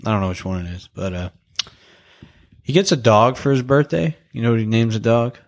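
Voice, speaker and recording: A man's voice: mid-range voice, expressive, a little fast. A young man chatting casually about a movie he watched, rambling with lots of fillers, restarts and laughs. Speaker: podcast co-host reviewing a movie. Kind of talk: casual chat.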